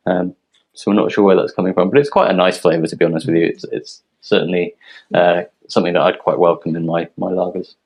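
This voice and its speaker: Low-voiced man explaining yeast. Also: quick pace, low-quality recording. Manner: explanatory, filler-heavy, relaxed. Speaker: yeast company representative. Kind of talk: technical webinar presentation.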